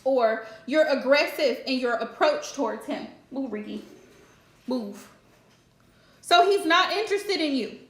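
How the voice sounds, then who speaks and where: A woman's voice: high voice, expressive, normal speed, hardly any pauses, a bit bright, reverberant. A woman hosting a live stream and giving relationship advice in a chatty, direct way, laughing often. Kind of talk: casual live-stream chat.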